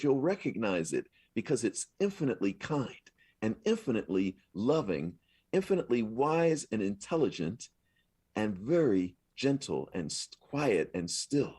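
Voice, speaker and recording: Lively husky-voiced man preaching a sermon. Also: mid-range voice, measured pace, no room sound. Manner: affirming, repetitive, conversational preaching. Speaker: minister. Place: live service at a spiritual center.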